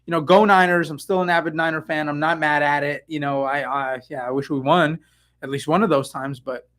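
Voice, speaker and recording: A middle-aged Bay Area real estate agent rambles excitedly on a casual live stream, full of fillers and side comments. His voice sits a little high and moves a little fast.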